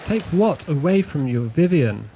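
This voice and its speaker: A mad old cultist mother, as a man puts her on in a tabletop horror game. She speaks slowly and coldly, in a gravelly voice. A steady hiss runs behind the recording. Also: on the high side, voice pushed up. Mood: taunting. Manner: slow, cold, mocking.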